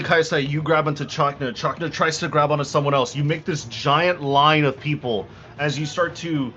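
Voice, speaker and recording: A man running a tabletop game as game master, narrating dramatically and slowing down for effect, with frequent restarts. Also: fairly high pitch, fairly bright tone. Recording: dull lo-fi recording, faint music.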